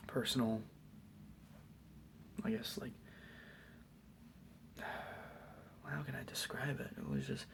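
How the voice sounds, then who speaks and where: A young man giving a soft, hesitant, whispered ASMR Q&A at home late at night, rambling with lots of fillers. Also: mid-range voice, creaky, a little hiss or hum. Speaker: YouTuber answering questions.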